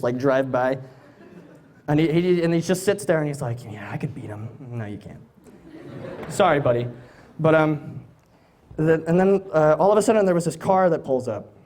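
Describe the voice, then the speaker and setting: A man's voice: mid-range voice, a little mellow. A young man performing live stand-up, telling rambling, self-mocking anecdotes with many restarts, in front of a laughing audience. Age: young adult. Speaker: stand-up comedian. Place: stage before a laughing audience.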